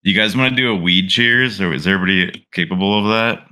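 A man's voice: low voice, quick pace, bright, forceful tone. A man co-hosting a podcast, chatting loosely with profane jokes. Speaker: podcast co-host. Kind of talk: casual chat.

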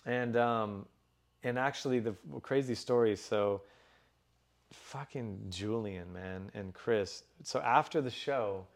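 A man's voice: on the low side, slow. A man in his forties from Dallas, Texas, telling stories as an interview guest in a loose, profane, casual way. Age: 40s.

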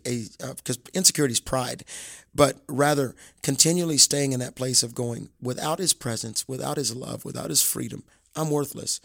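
A man's voice: mid-range voice, a bit bright, dry recording, clean studio sound. A middle-aged man from Alabama with a Southern American accent, telling his story earnestly and with many restarts as a guest in an interview. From Alabama, USA. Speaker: guest evangelist and author. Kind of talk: casual interview.

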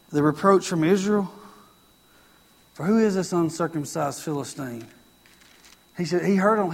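A man's voice: sits high, in a large hall. A man preaching a sermon, telling a story and acting out its lines, repeating phrases for emphasis.

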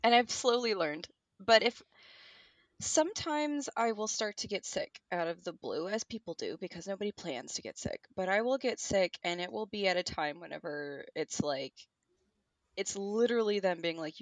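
A woman co-hosting a podcast, telling animated stories in casual chat, swearing freely and laughing often. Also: mid-range voice, normal speed, no room sound. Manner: animated storyteller who swears and laughs a lot. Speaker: podcast co-host.

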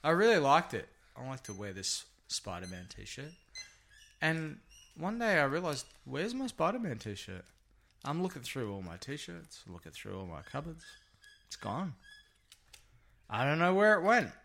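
A man in casual chat as a podcast co-host, animated and quick to jump in with playful exclamations. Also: fairly high pitch, gravelly.

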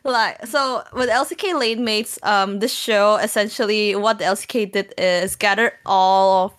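A woman's voice: unhurried, clear, resonant tone. Laughing woman in casual esports chat. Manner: laughs often, animated retelling with high-pitched quotes. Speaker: co-host.

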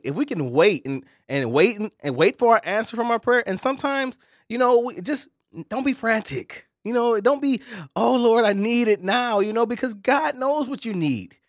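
A folksy woman co-hosts a casual faith talk and quotes scripture in a warm, relaxed way. Her pitch is mid-range, and the sound is dry and close. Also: dry recording.

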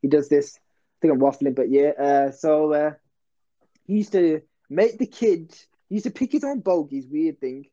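A young man tells a story in loose, slangy, self-interrupting chat. His voice sits a little high but sounds dark and mellow. The recording is dull and lo-fi. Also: moderate pace. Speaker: podcast host.

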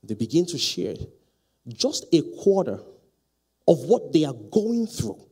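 A male pastor delivers a lively sermon in a church, often asking the congregation to finish his sentences and swelling to loud, emphatic peaks. His voice is husky and a little high for a man, and it swings widely in pitch from phrase to phrase. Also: unhurried. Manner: lively call-and-response preaching, rising to loud emphatic peaks. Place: church hall.

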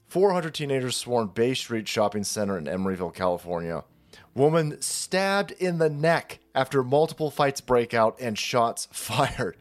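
A man's voice: mid-range voice, animated, normal speed, faint music behind. A man hosting a political commentary channel, ranting in a profane, sarcastic, mocking way.

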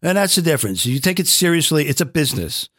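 A middle-aged man with a fairly high voice talks emphatically, and his pitch swings widely. He restarts his sentences often as he pushes his points. The sound is dry and close. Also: very animated, quick pace, a bit bright, no room sound. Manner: emphatic, with frequent restarts and acted quotes. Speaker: advertising voice actor, guest. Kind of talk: opinionated conversation.

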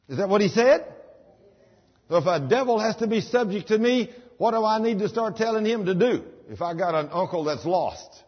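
A man's voice: a little high, slightly rough. A man preaching a sermon, emphatic, rising into commanding bursts. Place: church. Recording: dull sound with long hall reverb.

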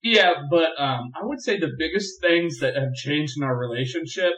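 A young man chatting as a podcast guest, telling animated stories and laughing often. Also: on the high side, normal speed, poor audio. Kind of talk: casual chat.

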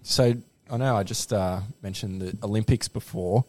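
A laid-back Australian man shares sports news in a matter-of-fact way. His voice sits lowish and is recorded dry and close. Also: moderate pace, a little mellow, dry recording. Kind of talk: casual pub chat.

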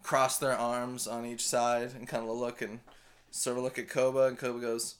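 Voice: medium pitch, level tone, normal speed, clean tone. A game master narrating a tabletop game, loose and laughing, with plenty of fillers.

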